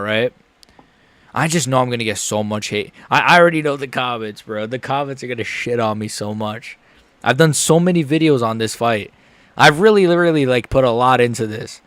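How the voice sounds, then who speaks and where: A young man reacting live to a fight he is watching, frustrated and ranting, dropping to mutters and rising to yells. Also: mid-range voice, no echo. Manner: frustrated, swings between muttering and yelling.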